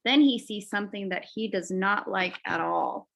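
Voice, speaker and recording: A woman teacher reading a children's picture book aloud, expressive, adding little asides to young listeners. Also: mid-range voice, normal speed, creaky. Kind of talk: children's storybook read-aloud.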